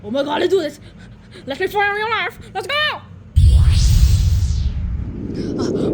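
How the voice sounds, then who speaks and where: Frantic shrieky high woman, puppet skit. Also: sing-song, a little slow, long pauses. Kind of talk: excited puppet comedy skit. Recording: noisy background hiss.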